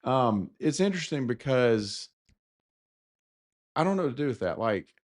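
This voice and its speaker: A man's voice: medium pitch, sing-song, normal speed. A man with a Southern US accent co-hosting a casual podcast, talking candidly and with self-deprecating humor. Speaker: podcast co-host. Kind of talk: casual conversation.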